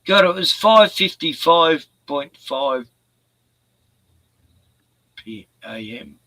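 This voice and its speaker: Slow, gravelly man, swearing. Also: on the high side, expressive, sharp tone, dry recording, low-quality recording. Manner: laid-back, swearing, laughs often. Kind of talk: casual chat.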